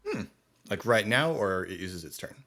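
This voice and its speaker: Low-pitched male game master, halting, self-correcting, casual. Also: sing-song, pushed and bright. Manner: hesitant, corrects himself often. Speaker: dungeon master. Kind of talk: narrating a tabletop game.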